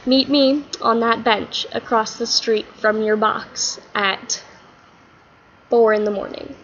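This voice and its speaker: A woman's voice: on the high side, fairly even intonation, takes it slowly, dull audio, slight background noise. A woman voicing a shifty young man who teases with a secret, in a casually told spoken story. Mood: secretive. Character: mysterious shifty young man, teasing stranger.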